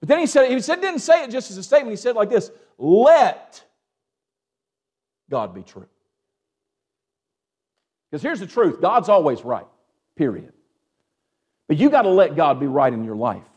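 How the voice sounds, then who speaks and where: Pastor, male, high voice, sermon delivery with call-and-response, shifts between hushed and raised. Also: very animated, fairly quick. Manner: Southern-tinged preaching with call-and-response "amen?", swings from hushed to raised.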